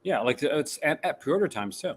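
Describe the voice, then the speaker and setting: A man's voice: a little high, expressive, normal speed, husky. A sleepy man chatting casually as co-host of a livestream and greeting viewers by name. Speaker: co-host of a film collecting livestream. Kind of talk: casual live chat.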